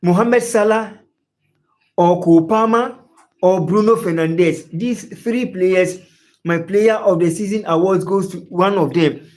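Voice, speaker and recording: High-voiced man hosting live football talk. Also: a little slow, a little mellow. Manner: talks straight to viewers by name, repeats phrases. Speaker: sports show host. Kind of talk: live-stream football predictions, reading viewer comments.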